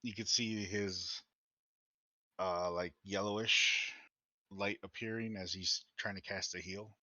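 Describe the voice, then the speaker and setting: A man runs a tabletop game as dungeon master, laying out scenes slowly and stopping for fillers. His low voice has a bright edge. The recording sounds dull and lo-fi. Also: steady tone, no room sound. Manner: slow, halting descriptions with fillers.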